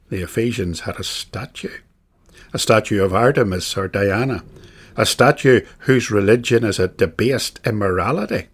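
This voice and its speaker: A man teaching a catechism class on a bible passage, speaking in a measured, emphatic way and repeating phrases for stress. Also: fairly low pitch, expressive, slightly rough.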